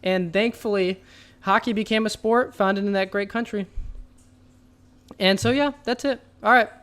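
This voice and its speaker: A man hosting a comedic trivia segment, delivering absurd jokes as if they were straight facts in a deadpan, mock-serious way. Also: sits high, moderate pace. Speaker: trivia host.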